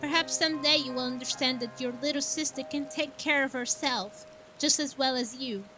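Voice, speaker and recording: A woman's voice: high voice, fairly even intonation, moderate pace, sharp tone. A woman reading a spirited younger sister. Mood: defiant. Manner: teasing and defiant. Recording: game music underneath.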